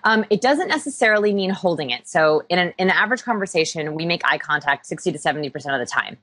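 Fast and sharp-toned, a woman with a lowish voice and lively intonation guests in a conversational interview, with no echo. As a people-skills researcher, she explains with upbeat energy and jokes about herself.

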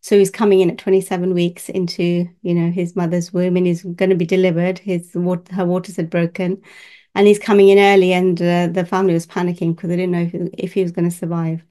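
A woman working as a spiritual healer, telling a story casually to camera, lively and laughing often, acting out the voices she quotes. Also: on the low side, a little fast.

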